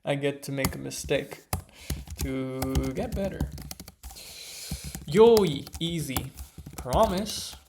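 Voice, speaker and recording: A man studying at his computer, muttering words to himself in a casual commentary, mostly soft with sudden excited bursts. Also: a little high, takes it slowly, pauses often, background noise. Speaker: language learner vlogger. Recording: loud keyboard typing behind.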